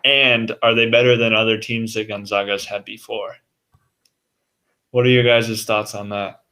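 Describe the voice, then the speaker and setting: A man's voice: fairly low pitch, little pitch movement, moderate pace, pushed and bright. A man on a casual sports chat posing a discussion question to co-hosts. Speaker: podcast co-host.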